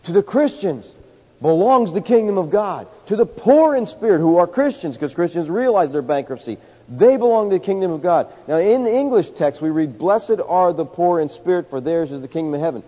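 A man preaching a sermon, emphatic, swinging from loud high peaks to low quiet lines. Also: expressive, fairly quick. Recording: dull sound with long hall reverb.

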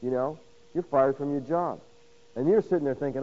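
A man preaching a sermon, swinging from loud emphasis to hushed, intimate lines and acting out quoted voices with rhetorical questions. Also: mid-range voice, normal speed, muffled recording. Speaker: pastor.

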